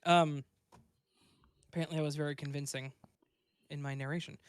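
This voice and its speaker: A man's voice: fairly high pitch, steady tone, fairly quick, smooth. A man who narrates stories, co-hosting a podcast in blunt, casual chat and swearing freely. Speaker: podcast host and story narrator.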